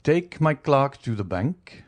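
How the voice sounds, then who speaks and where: A man's voice: medium pitch, sing-song, slow pace, pitched above the performer's own voice. A man voicing a proud, greedy middle-aged banker who talks boastfully. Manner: boastful, then flustered and stammering.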